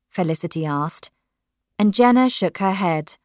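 A woman reading a storybook aloud in a measured, clear way. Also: on the low side, dry recording, studio quality.

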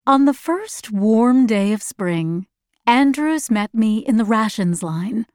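Woman reading a story aloud, slow and steady, kinda high voice, dry close sound. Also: no echo. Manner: measured, plain storytelling. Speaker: narrator. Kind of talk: first-person audiobook narration.

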